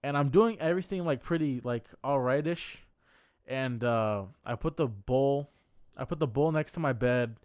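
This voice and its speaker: With a mid-range, darkish, clean-toned voice at normal speed, this young podcast co-host winds through a long personal story full of fillers and heavy profanity. The studio-quality audio has no room sound.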